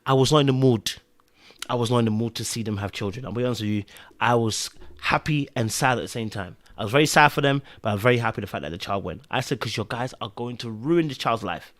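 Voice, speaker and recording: A man talks casually through a TV episode recap. He is animated and keeps repeating lines for emphasis, in a mid-range voice. The sound is close and dry. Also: medium pitch, fast talker, dry recording. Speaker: TV recap podcast host.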